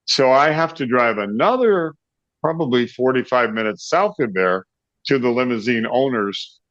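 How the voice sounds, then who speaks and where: A man's voice: lowish voice, a bit bright, no echo. A middle-aged man, a rock singer as an interview guest, animatedly telling an anecdote, often laughing and acting out the people in it. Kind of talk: anecdotal storytelling. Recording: dry, slightly dull lo-fi sound.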